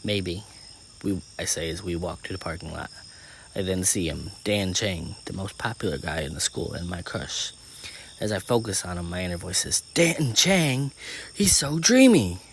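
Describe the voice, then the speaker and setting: A man narrating a first-person story in a steady way, with small slips and restarts. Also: deep voice, moderate pace, gravelly, a little hiss or hum.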